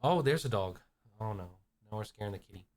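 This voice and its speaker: A man's voice: lowish voice, expressive, fast talker, a little mellow, no room sound. Playful male streamer chatting at home. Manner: playful, chatty, talks to his cat and chat. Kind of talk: casual live-stream chat. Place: room at home.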